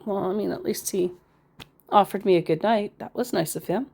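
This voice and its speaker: A woman's voice: medium pitch, moderate pace, gravelly, warm tone, slightly rough. A woman giving casual, sarcastic commentary as she reads out messages from scammers, rambling into asides. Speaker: scambaiter reading scam chats.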